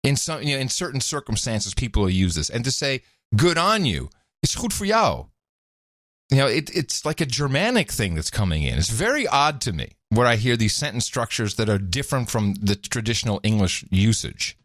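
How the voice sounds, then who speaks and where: A man's voice: medium pitch, very animated, fairly quick, fairly bright tone, no echo. A man co-hosting a podcast, his voice swinging up and down as he talks. He grew up in Europe and keeps laughing through a playful, casual chat. The sound is dry and close. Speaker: podcast co-host.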